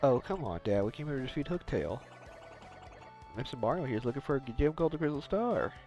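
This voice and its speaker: A man's voice: mid-range voice, big pitch swings, quick pace, a little mellow, faint music behind. A man voicing an eager, earnest young male turtle hero while reading game dialogue aloud.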